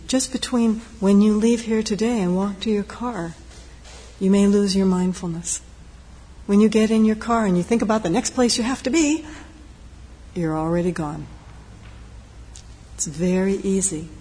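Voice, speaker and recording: A woman meditation teacher giving a dharma talk in a gentle, reflective, unhurried way, with pauses. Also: medium pitch, breathy edge. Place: meditation hall. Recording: long hall reverb, faint noise.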